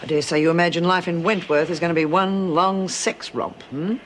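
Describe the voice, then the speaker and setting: A woman's voice: on the low side, fairly even intonation, a little fast, a little hiss or hum, natural voice. An actress playing a stern, scornful female prison officer, giving commands in a cold, sneering way. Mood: contemptuous.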